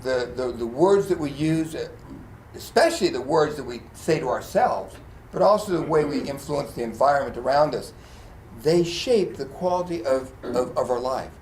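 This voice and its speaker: Here a pastor with a mid-range voice speaks at a moderate pace in an echoey church, a little hiss or hum in the background. His sermon is animated storytelling, full of acted-out quotes and laughter, and at times he's choked up.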